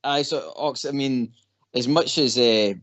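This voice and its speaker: A man's voice: medium pitch, unhurried, fairly bright tone. Earnest man on a phone-in. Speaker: co-host. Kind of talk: casual radio chat.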